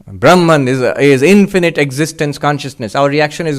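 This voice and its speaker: A man's voice: on the high side, big pitch swings, slow. A monk giving a spiritual lecture to an audience, explaining step by step, asking rhetorical questions and voicing his listeners' doubts, with the odd chuckle. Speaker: monk and Vedanta teacher.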